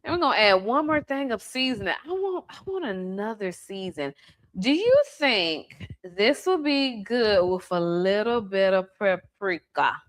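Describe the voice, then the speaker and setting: Here the same kind of home cook host speaks in a mid-range, animated voice at a measured pace. She's running a laid-back cooking demo at home, joking around with the person behind the camera.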